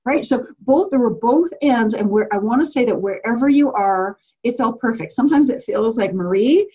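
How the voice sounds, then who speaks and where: A woman leads a retreat group on a call, speaking casually and animatedly with lots of restarts and fillers, often acting out quotes with laughter. Her voice is a little high and husky, at normal speed, and the recording sounds muffled.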